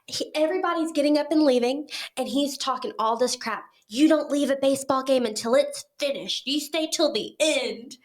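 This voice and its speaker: A woman guest on a podcast, telling a story in casual chat. She is talkative and animated, and she acts out what other people said. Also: high-pitched, moderate pace, few pauses.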